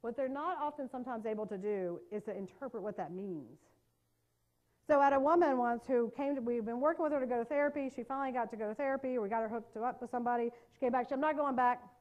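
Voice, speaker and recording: Woman running a training workshop, kinda high voice, chatty and lively, keeps asking the room stuff. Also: quick pace, lo-fi sound. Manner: lively, conversational, checks in with tag questions. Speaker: trauma-informed care trainer. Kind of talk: live workshop lecture.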